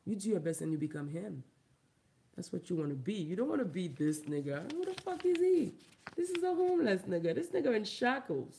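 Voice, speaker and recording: A woman from Haiti, a vlogger and comedian, ranting loudly and emphatically with a lot of laughter. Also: sing-song, fairly quick, creaky. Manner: loud, emphatic, profane, laughing, big pitch swings. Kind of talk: ranting commentary vlog.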